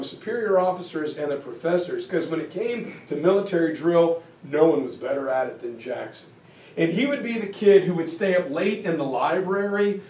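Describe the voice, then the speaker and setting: Brief: high-voiced man telling history like a story to a school group, recorded from far back. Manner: animated, folksy, conversational. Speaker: history lecturer. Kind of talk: casual storytelling lecture. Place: school meeting room. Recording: echoey room, from far off.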